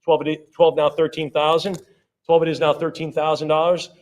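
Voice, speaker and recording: A man working as an auctioneer at a live sale, rattling off rising bids in quick repeated calls and breaking off for friendly asides about the items. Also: fairly high pitch, level tone. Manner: rapid repetitive bid calling with chatty asides.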